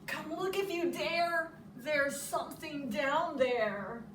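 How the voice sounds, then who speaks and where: A woman voicing an eager, helpful male badger in a bright, knowing storybook manner. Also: high-pitched, slow, pitched above the performer's own voice. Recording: echoey room, distant mic, noisy.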